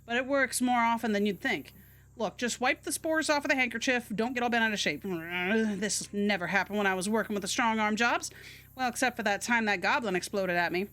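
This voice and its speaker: A woman's voice: on the high side, brisk, fairly bright tone, lightly acted. A woman voicing a tough, streetwise adventurer in a video game who talks bluntly and calls people sugar. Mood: brash.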